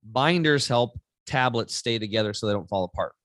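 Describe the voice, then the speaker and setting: A man in his forties, a podcast guest, chatting casually and telling stories with lively acted-out voices. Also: medium pitch, moderate pace, no echo. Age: 40s. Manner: animated storytelling, acting out voices. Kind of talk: casual chat.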